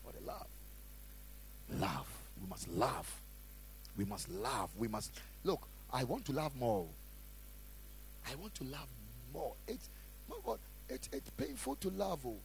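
A man preaching a sermon as a pastor, asking the congregation questions and swinging between shouted lines and quiet asides. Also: mid-range voice, big pitch swings, measured pace, vocal fry, long pauses, a little hiss or hum, low-quality recording. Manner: preaching with call-and-response questions.

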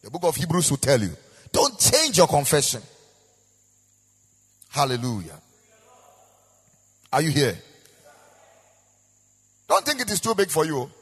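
A man's voice: fairly high pitch, wildly swooping pitch, unhurried, long pauses, a bit bright, breathy edge. A man with a Ghanaian accent preaching a sermon as pastor, with a sing-song, repetitive delivery. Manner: preaching with sung, rising and falling emphasis and repetition. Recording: echoey hall with long reverb.

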